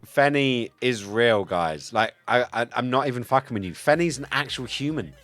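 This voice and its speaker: A man streaming live in casual chat, a bit tipsy, excitable and swearing, swinging between loud outbursts and low mumbles. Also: fairly quick, heavy background noise. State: tipsy from cider.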